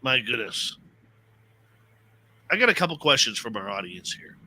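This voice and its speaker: A man's voice: medium pitch, very animated, moderate pace, pushed and bright, slightly rough. A man hosting a radio show, reading listener questions aloud. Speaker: radio host.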